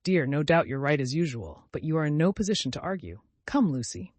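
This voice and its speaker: A man's voice: on the high side, sing-song, fairly quick, dry recording. A man voicing a fussy, flustered older mother who exclaims and scolds in a raised voice. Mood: flustered fussing.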